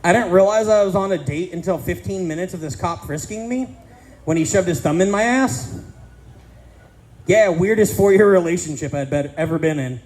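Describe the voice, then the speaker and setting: Brief: male stand-up comic, thirties, fairly high voice, crude self-mocking set, punchy timing. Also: moderate pace, darkish tone, low-quality recording. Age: 30s. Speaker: stand-up comedian. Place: casino comedy stage.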